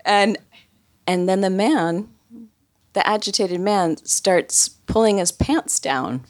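A woman's voice: mid-range voice, expressive, slow pace. A woman telling a funny personal story in a chatty way, full of "like" fillers. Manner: chatty, comic, many "like" fillers.

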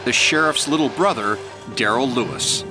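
A man giving measured, dramatic scripted narration for a crime documentary. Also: medium pitch. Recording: music bed under the voice.

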